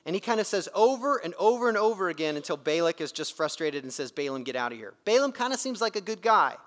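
A man's voice: high voice, expressive, quick pace, a bit bright. A man preaching a sermon in an emphatic, conversational way, his volume rising and dropping sharply. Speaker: pastor. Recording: reverberant hall.

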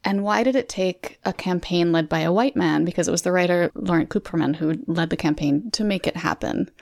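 A woman with a lowish, gravelly voice co-hosts a podcast discussion. She talks in a measured, thoughtful way, laying out her points conversationally. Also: darkish tone. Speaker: podcast co-host.

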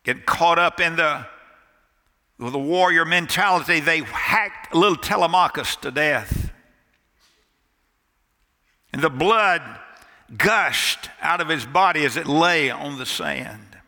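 This is sermon storytelling from a male pastor, heard in a church sanctuary with a long hall reverb. His voice is high, very bright and forceful, and he speaks slowly and deliberately, letting pauses hang and falling nearly silent to stress key moments.

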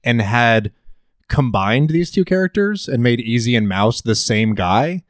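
A man as podcast guest, discussing actors and a film in a measured, thoughtful way. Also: mid-range voice, animated, dry recording, studio quality.

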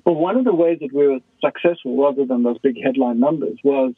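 Male guest expert, animated storyteller, dry phone-quality audio. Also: mid-range voice, brisk, no room sound. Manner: animated storyteller who acts out quoted dialogue. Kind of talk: conversational podcast explanation. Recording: tinny phone line, dry.

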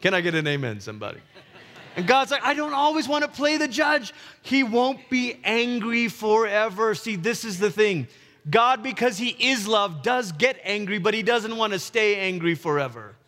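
A man delivers a lively sermon, his voice sitting high for a man. He acts out little voices and drops to near-whispers for emphasis. A long reverb tail hangs behind him, as if he is in a big hall. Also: moderate pace. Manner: animated, acts out voices, swings from loud to hushed. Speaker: pastor.

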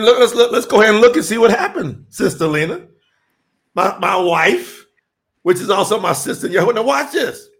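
A middle-aged man with a high, gravelly voice teaching scripture. He talks in an emphatic, preacherly way, often raising his voice to act out the lines he quotes. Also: bright, forceful tone. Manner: emphatic, preacherly, dramatic quoting. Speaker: teacher and telethon host.

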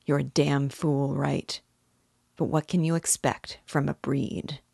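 A woman reading aloud, voicing a cold male hired gunman who talks softly, quick and sharp. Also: sits low, fairly even intonation, gravelly, breathy edge, no room sound, clean studio sound, heavily acted. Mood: menacing.

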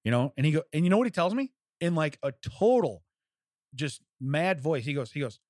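A man's voice: on the high side, sing-song, a little fast, a little mellow, dry recording, studio quality. A man telling a long story in casual chat, acting out both sides of a phone call and laughing often.

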